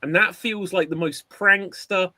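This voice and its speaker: Bright-voiced man telling a story. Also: sits high, unhurried, no echo. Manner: animated storyteller, acts out quotes. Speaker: podcast co-host. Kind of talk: casual chat.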